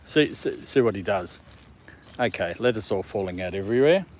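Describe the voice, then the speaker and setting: A man's voice: fairly low pitch, lively intonation, moderate pace, a little hiss or hum. Chatty man at a park. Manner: chatty, talks to his dog and viewers, laughs often. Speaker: live streamer with his dog. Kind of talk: casual live stream chat. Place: park outdoors in the evening.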